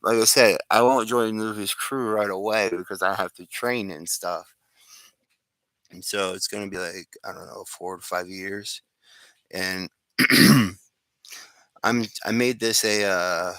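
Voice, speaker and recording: A man's voice: fairly low pitch, steady tone, unhurried, pauses often, pushed and bright, no room sound. A man casually telling his own improvised fan story, rambling with restarts and asides.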